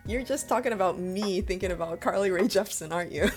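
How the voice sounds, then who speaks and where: A woman radio host telling stories in casual chat, animated and laughing often. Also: medium pitch, fast talker, faint music behind.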